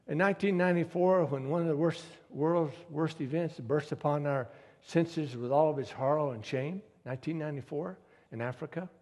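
A man delivers a sermon, moving between quiet storytelling and emphatic appeals. His voice sits a little high and has a husky edge. The sound carries a long reverb, as in a large hall. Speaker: preacher.

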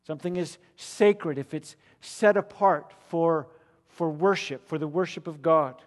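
A man preaching an expository sermon, emphatic and rising to loud declamation when he repeats words. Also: a little high, unhurried. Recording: long reverb of a large hall.

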